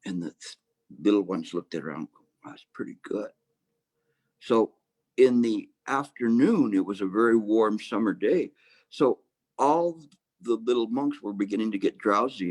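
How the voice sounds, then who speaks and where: A man giving a Chan meditation dharma talk, halting with restarts and fillers, with gentle humor. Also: fairly low pitch, animated, breathy edge, dry recording. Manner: hesitant, many restarts and fillers.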